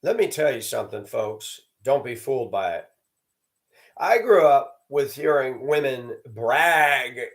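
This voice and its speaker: Speaking slowly in a mid-range voice with wide swings in pitch, this Southern American man hosts his own channel. He delivers a ranting monologue full of sarcasm and judgment, repeating points for emphasis.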